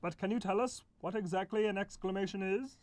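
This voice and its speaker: A woman doing a calm punctuation pal in a children's lesson skit who explains things patiently and hums between thoughts. The voice sits at a middle pitch. The sound is dry and close. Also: fairly quick, no echo, lightly acted. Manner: patient, explaining, humming "hmm" often. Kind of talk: children's educational puppet skit.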